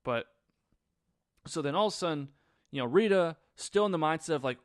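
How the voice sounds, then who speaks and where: A man's voice: on the high side, animated, a little fast, no room sound, studio quality. A man casually recapping a movie on his own, rambling and sarcastic. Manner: rambling, sarcastic, lots of fillers. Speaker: movie reviewer.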